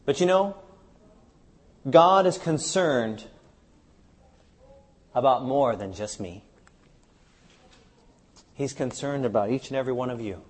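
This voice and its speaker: A man's voice: medium pitch, takes it slowly, long pauses, slightly rough. A man preaching a sermon at a seminar, asking his audience many rhetorical questions. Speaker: seminar speaker. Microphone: live seminar recording.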